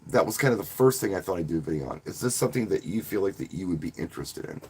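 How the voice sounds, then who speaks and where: A man's voice: low voice, animated, very fast, a little mellow, breathy edge. A man who works as a wedding DJ, casually talking to viewers on a live stream in a rambling, friendly way and often restarting his words. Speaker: wedding DJ and channel host.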